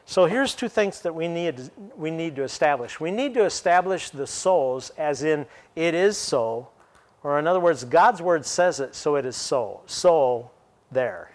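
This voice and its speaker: A man pastor preaching a sermon in a conversational way, laughing now and then and slowing down to stress key words. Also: fairly high pitch, lively intonation.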